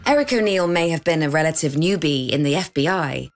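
Low-voiced woman narrating a spy podcast. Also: lively intonation, brisk, music in the background. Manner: direct address to the listener, posing questions. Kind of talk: scripted narration.

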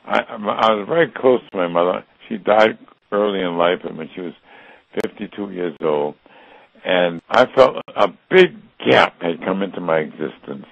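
Older man, gravelly low voice, lo-fi. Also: expressive, moderate pace, fairly bright tone, no echo. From United States. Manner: reflective, earnest storytelling with frequent restarts. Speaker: interview guest. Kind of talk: storytelling interview. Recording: dull lo-fi dry recording.

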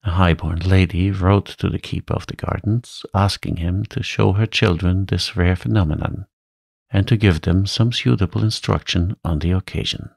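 A man reading a classic story aloud in a calm, soothing bedtime voice. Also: deep voice, normal speed, no room sound, studio quality. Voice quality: soft, soothing, gravelly.

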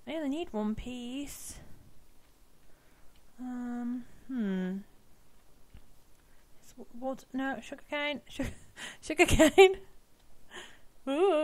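Slow, chatty young woman gaming. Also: on the high side. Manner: chatty, self-mocking, talks to game animals. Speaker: let's-play host. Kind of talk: casual gameplay commentary.

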